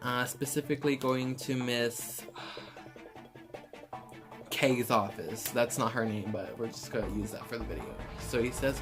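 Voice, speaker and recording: A young man casually telling a dramatic high school story, cursing often and saying "like" constantly. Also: fairly even intonation, a little slow, over music. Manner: casual, profane, dramatic, heavy filler use. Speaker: YouTuber. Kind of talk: storytime vlog.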